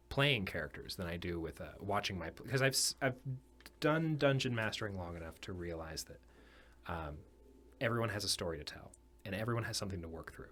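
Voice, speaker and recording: A man's voice: sits low, a bit bright, slight background noise. A man from North Carolina, a guest on a podcast, talking in a reflective, earnest way with many fillers. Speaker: podcast guest, artist and dungeon master. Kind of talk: casual podcast chat.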